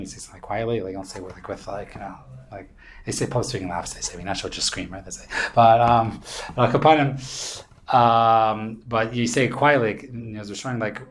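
A man's voice: fairly low pitch, a little hiss or hum. A man teaching an informal Torah class, explaining in a loose, rambling way with many fillers and Hebrew terms.

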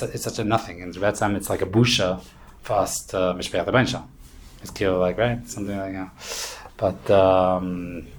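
A man's voice: lowish voice, slight background noise. A man teaching an informal Torah class, explaining in a loose, rambling way with many fillers and Hebrew terms.

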